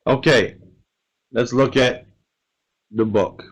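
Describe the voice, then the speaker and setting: A man's voice: mid-range voice, fairly even intonation, takes it slowly, husky, low-quality recording. A man teaching an Arabic grammar lesson, explaining step by step and often checking with "right?".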